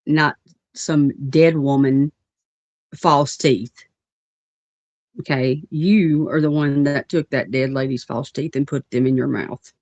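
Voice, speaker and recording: In dull, lo-fi stream audio with no room sound, a woman hosting a livestream delivers a blunt, profane, rambling rant thick with fillers. Her pitch is extremely low, her tone steady and darkish, and she speaks slowly.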